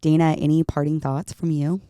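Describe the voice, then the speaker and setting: A woman hosts a podcast with a very low voice. She talks in an easygoing, chatty way and laughs easily. The sound is dry, with no room around it. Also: flat delivery, normal speed, warm tone, clear, resonant tone, no room sound. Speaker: podcast host. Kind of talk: casual interview conversation.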